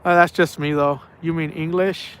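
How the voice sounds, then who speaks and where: A man's voice: fairly high pitch, steady tone, moderate pace, a little hiss or hum. A man telling a story casually outdoors at night. He rambles and repeats himself and drops slang like "man" and "bro". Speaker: angler telling stories on a night fishing trip.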